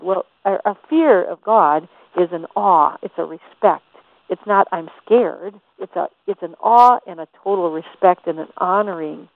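A woman's voice: mid-range voice, dry recording. A woman giving a faith-based motivational talk, emphatic and full of rhetorical questions. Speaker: motivational teacher. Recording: tinny phone-like dry sound.

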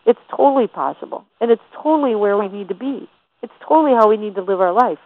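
Woman, motivational faith teacher, emphatic, rhetorical, mid-pitched, thin phone-line sound. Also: animated, fast, dry recording. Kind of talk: faith-based motivational talk. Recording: tinny phone-like dry sound.

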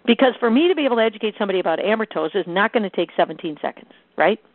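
Woman sales trainer, emphatic and energetic, phone-line sound. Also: medium pitch, racing, dry recording. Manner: energetic, emphatic, repeats key phrases. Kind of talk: coaching talk to a sales team. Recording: tinny phone-like line, dry.

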